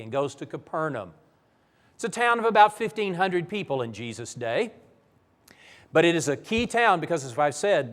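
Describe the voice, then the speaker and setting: In a church, a man preaches a sermon-style Bible lesson, telling the stories in an animated, vivid way. His voice is on the high side, and a long reverb tail follows it.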